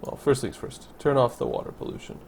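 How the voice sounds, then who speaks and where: A man's voice: mid-range voice, huge pitch swings, fairly quick, creaky, a little mellow, a little hiss or hum. Rambling man narrating a city-building game. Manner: rambling, thinking aloud, self-correcting. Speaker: let's play commentator. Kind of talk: casual gameplay commentary.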